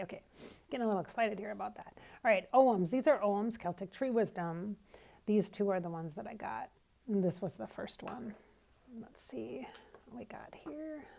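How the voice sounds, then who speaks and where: Woman, intuitive reader, middle-pitched voice with a gravelly edge, chatty and reflective. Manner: musing, feeling her way aloud with soft asides. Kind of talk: casual spiritual reading to camera.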